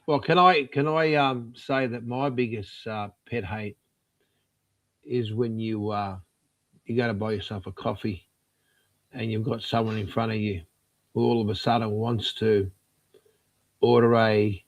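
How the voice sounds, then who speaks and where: A man's voice: on the low side, steady tone, a little slow, long pauses. A man in a casual podcast chat, starting hesitantly with fillers and restarts before venting exasperated complaints. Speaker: podcast co-host. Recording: dull lo-fi recording.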